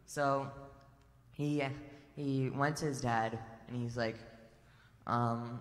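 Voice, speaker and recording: A man's voice: mid-range voice, fairly even intonation, slow pace, fairly bright tone. A man telling a spiritual story to a temple assembly in a casual way, full of fillers and restarts. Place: large temple assembly hall. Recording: long reverb hall.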